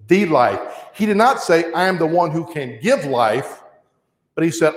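A man preaching a sermon in a church, conversational and slowing down to stress key words. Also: on the high side, big pitch swings. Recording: echoey church hall.

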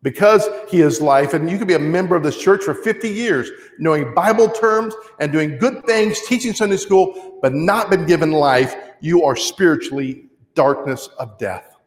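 A man with a fairly high voice preaches a sermon, talking to his congregation like a conversation. He slows right down to press on key words. His voice rings through a church hall with a long, echoing reverb. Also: animated. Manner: conversational preaching with slow emphatic stresses.

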